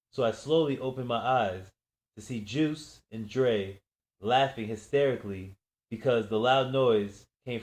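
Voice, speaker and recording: A man giving steady first-person audiobook narration of a crime story. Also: lowish voice.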